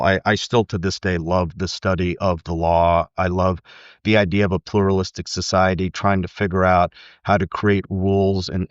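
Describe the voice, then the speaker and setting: Low-voiced middle-aged man, thoughtful and candid. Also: dry recording, lo-fi sound. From United States. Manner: thoughtful, candid, with frequent fillers and soft laughs. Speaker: guest. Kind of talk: reflective interview talk.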